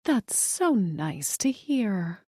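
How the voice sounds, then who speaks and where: A woman's voice: medium pitch, very animated, unhurried, warm tone, dry recording, studio quality. A woman voicing a poised society wife with a cool, guarded manner.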